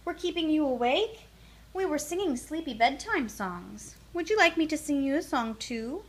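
A woman's voice: high voice, lively intonation, moderate pace, voice pushed up. A woman doing a chirpy, eager duck. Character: chirpy, friendly male duck.

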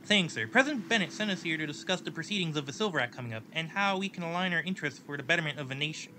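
A man's voice: on the high side, lively intonation, rapid-fire, noisy background, close to an everyday voice. A man voicing a nervous, polite male senator who speaks hesitantly and with deference in a game story. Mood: deferential.

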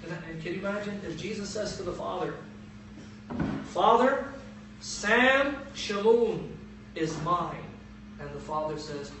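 A man preaching a sermon to an audience, emphatic and building to loud peaks on key phrases. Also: high voice, animated, unhurried, pauses often, background noise. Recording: echoey room, distant mic.

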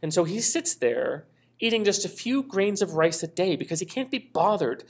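A man's voice: sits high, very animated, moderate pace. Man lecturing in a chatty way. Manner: chatty storytelling, frequent ums and "right?" asides. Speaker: history lecturer. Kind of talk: casual recorded lecture.

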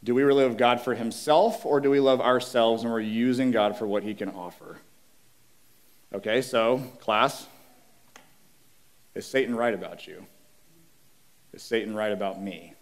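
Guy preaching a sermon, earnest and chatty, repeats stuff for emphasis, goes quiet and low on the big lines. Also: normal speed, long pauses. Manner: drops to a quiet, low voice on key phrases. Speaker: guest preacher.

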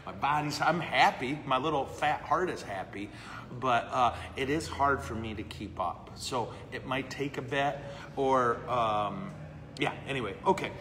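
A man's voice: medium pitch, unhurried, sharp tone, a little hiss or hum. A man, a priest, chatting casually and answering questions live, self-deprecating and laughing often. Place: brewery. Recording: echoey room with long reverb.

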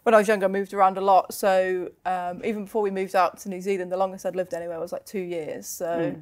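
A young English woman, a rugby player appearing as a guest, chats casually with lots of fillers and laughter. Her accent is mostly neutral English with a faint Midlands twang. Her voice is lowish, a little mellow and flat, and she speaks fast.

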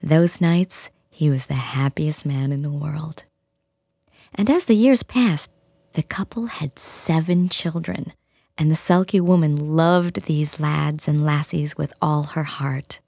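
A woman reading a fairy tale aloud in a gentle, hushed storytelling manner, with a soft, breathy, near-whispered delivery. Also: sits low, slow, dry recording, studio quality. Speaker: audiobook reader. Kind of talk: storybook narration.

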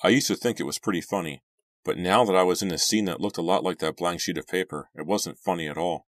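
A man narrating a horror novel as an audiobook, friendly and measured. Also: low-pitched, dry recording, studio quality. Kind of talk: reading a horror novel aloud.

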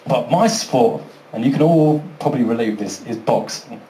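A man's voice: a little high, huge pitch swings, normal speed, warm tone. A man doing a stand-up comedy set, brash and sweary, acting out little voices for his jokes. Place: comedy venue with live audience. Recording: roomy venue, faint background noise.

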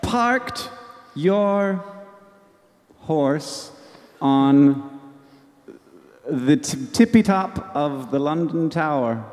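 A man on a conference stage playfully feeding a silly story prompt, halting and drawn out. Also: a little high, animated, a little mellow. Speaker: storytelling game player. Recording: reverberant hall.

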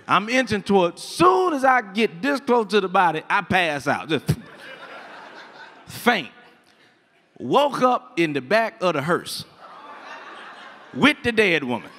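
Bright high-voiced stand-up comedian man. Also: measured pace, in a large hall, a little hiss or hum. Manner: animated storytelling, acts out voices. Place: comedy stage before a live audience.

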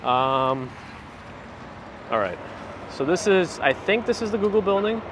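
A man's voice: high-pitched, very animated, a little slow. A man hosting a walking livestream on city streets, chatting casually and reading viewer comments aloud in a perky way. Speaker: livestream host. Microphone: handheld phone gimbal mic. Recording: noisy outdoor street audio. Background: street traffic.

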